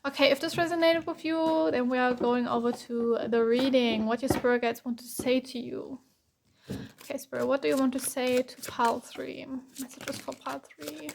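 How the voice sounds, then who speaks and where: A woman's voice: sits high, steady tone, moderate pace, gravelly, background noise. A young woman from Germany with a German accent, giving a casual, chatty tarot reading and filling her talk with "like" and "um". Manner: casual, chatty, heavy use of "like" and "um". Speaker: tarot reader. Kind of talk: pick-a-card tarot reading.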